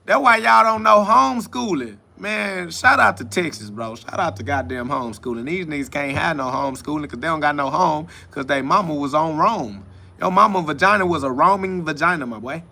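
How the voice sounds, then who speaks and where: A man's voice: fairly high pitch, fairly quick, creaky, bright, forceful tone. A man hosting a casual livestream, answering chat comments in a mocking, preachy, profane and rambling way. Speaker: livestream host.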